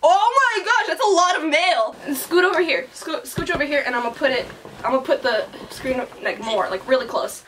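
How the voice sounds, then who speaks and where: A young woman vlogging casually at home, excitable and giggly, recorded on a laptop or camera mic. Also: high voice, a little fast, a little hiss or hum. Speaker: YouTuber. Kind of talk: casual vlog reaction. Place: at home, indoors.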